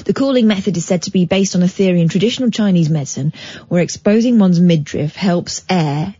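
A woman co-host reading odd news items on the radio, breaking off into playful comments. Her voice is lowish, mellow and a little husky. The sound is dry and dull, lo-fi. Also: brisk, no room sound. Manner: giggly, reads with playful asides.

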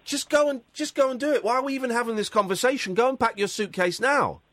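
Male phone-in host, high and animated, emphatic and repetitive; dry studio sound. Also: quick pace, no echo. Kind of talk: phone-in talk radio. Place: radio studio. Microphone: studio mic.

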